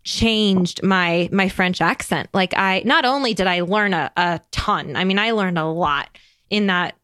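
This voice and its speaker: A woman hosting a podcast in casual conversation, chatty and animated, with lots of fillers and frequent laughs. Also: on the low side, measured pace, clear, resonant tone, no echo. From United States. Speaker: podcast host.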